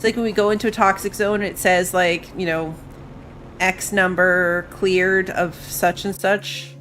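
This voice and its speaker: A woman's voice: fairly low pitch, steady tone, a little slow, fairly bright tone, slight background noise. Tired, chatty woman playing a game. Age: adult with school-age kids. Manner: chatty, rambling, tired and yawning. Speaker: gaming streamer. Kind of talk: casual let's-play commentary.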